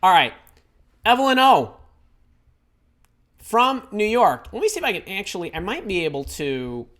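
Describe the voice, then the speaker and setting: A middle-aged man hosting a live career advice stream from home, talking in an excitable, scattered way as he reads the chat. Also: sits high, moderate pace. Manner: energetic, excitable, scattered while reading chat. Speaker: host.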